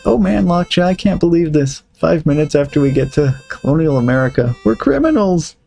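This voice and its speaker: A man voicing a spunky young girl heroine in a game, with quick excited lines. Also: a little high, vocal fry, husky, faint music behind, pitched above the performer's own voice, exaggerated voice. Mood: plucky.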